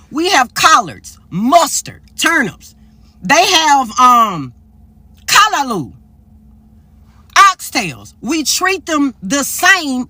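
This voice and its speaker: A woman with a high, lively voice that swings widely, talking animatedly to camera with slang and emphasis. Her tone is bright, and the sound is dry and close. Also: no echo. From upstate South Carolina, US South. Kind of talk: casual commentary to camera.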